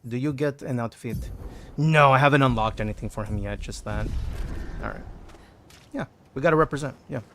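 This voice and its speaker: Man, game streamer, casual commentary, chatty, thinking aloud, middle pitch. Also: brisk, long pauses, fairly bright tone, slight background noise.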